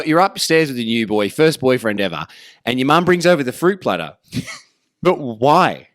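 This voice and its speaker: A man's voice: medium pitch, a bit bright, dry recording, studio quality. A man hosting a podcast, chatting casually and playfully, laughing often. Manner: playful, laughing, does silly voices. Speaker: podcast host.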